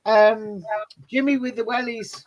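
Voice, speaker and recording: A woman's voice: on the high side, fairly even intonation, measured pace, lo-fi sound. A woman hosting a live online chat on a video call, chatty and self-mocking. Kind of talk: casual chat.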